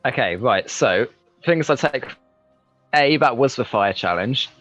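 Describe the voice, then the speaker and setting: A man's voice: medium pitch, lively intonation, unhurried, a bit bright, dry recording, highs cut off, faint music behind. A man playing in a tabletop role-playing game, thinking aloud and restarting his sentences. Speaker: player.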